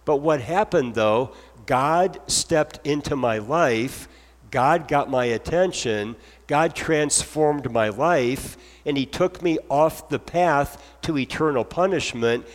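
A man's voice: a little high, takes it slowly, in a large hall. A man preaching an earnest sermon as pastor, moving from scripture into heartfelt spoken prayer.

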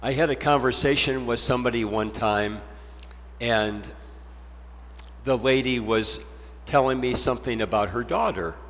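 A man preaching a sermon as pastor, deliberate and emphatic, stressing points through repetition. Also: mid-range voice, a bit bright, long reverb tail.

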